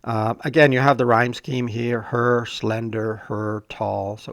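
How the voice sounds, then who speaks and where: A man tutoring, reading and discussing a poem in a thoughtful, gentle way with many filler words, a little congested from a cold. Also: mid-range voice, fairly even intonation, normal speed, gravelly, few pauses, no room sound.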